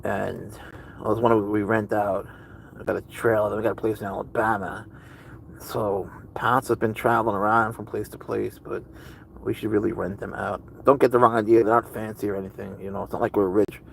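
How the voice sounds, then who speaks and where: A man's voice: on the low side, little pitch movement, brisk, creaky, slight background noise, poor audio. A man hosting a casual livestream with his cat, rambling chattily and answering viewers' chat messages. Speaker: livestream host with pet cat.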